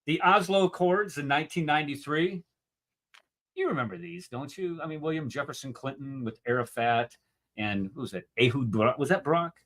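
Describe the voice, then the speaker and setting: A man's voice: fairly high pitch, brisk. Argumentative man hosting a debate show. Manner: argumentative, animated, acts out quotes. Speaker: host. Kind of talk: casual debate chat.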